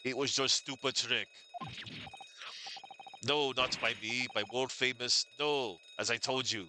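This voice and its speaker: A man's voice: mid-range voice, fairly even intonation, a little slow, background noise, close to an everyday voice. A man voicing a grumpy Russian ship crewman who speaks in clipped, broken English, with game music behind. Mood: gruff.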